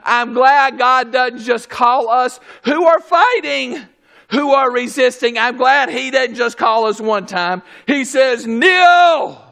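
A man preaching a sermon who swings between quiet asides and shouted exclamations, calling out praises as he goes. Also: very high voice, slow, creaky. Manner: calls out "glory, hallelujah".

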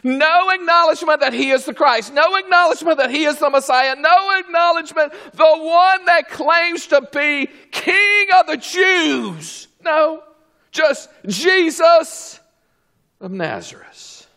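A man preaching a fervent sermon in a very high, bright, ringing voice. He takes his words slowly and deliberately, dropping to low murmurs and then rising to shouted exclamations. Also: lively intonation.

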